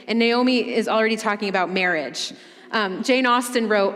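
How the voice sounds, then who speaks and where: A woman's voice: fairly high pitch, brisk, a bit bright, long reverb tail. A woman leading a women's Bible study in a conversational, humorous way with chatty asides. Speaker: women's ministry director teaching a Bible study.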